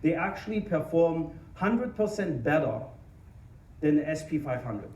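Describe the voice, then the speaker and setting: A man with a German accent giving an energetic, informal tech conference talk, joking about himself and restarting sentences often. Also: a little high, measured pace, recorded from a distance, dull audio. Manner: energetic, informal, self-deprecating, many restarts. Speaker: conference speaker. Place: conference hall. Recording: echoey hall, mic from afar.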